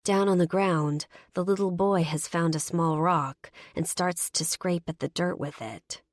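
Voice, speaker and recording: A woman narrating a first-person audiobook in a steady, measured reading voice. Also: fairly low pitch, no room sound, studio quality.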